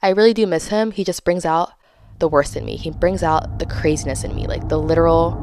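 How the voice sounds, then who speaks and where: A young woman hosting a podcast, telling a dating story in a casual, animated way and acting out her own and others' lines with playful voices. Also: deep voice, brisk, noisy background. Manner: animated, dramatic, acts out quotes with exaggerated voices. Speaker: podcast host.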